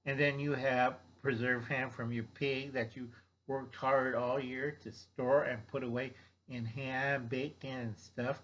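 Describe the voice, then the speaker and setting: An older survival vlogger delivers a blunt, rambling lecture, often asking "okay?" and mocking people in put-on voices. His mid-range voice is fairly bright, a little slow and low on pitch movement, with slight hiss or hum in the recording.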